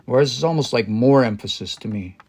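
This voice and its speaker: A man on a casual live stream studying a language as a learner. He thinks aloud, pauses, restarts and reads phrases slowly. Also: mid-range voice, a little mellow, slightly rough.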